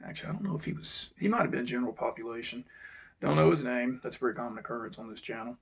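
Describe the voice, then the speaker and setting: A man, telling a personal story to his channel's viewers in an unhurried, reflective way that sometimes drops to a low mutter. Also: expressive, vocal fry, husky. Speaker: channel host. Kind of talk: casual storytelling monologue.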